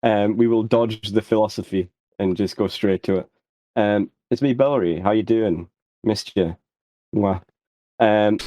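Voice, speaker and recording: A man's voice: lowish voice, a little slow, mellow, dry recording. A man playing a tabletop game, describing his character with jokes, fillers and restarts. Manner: joking, rambling, hesitant. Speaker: player. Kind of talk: casual game chat.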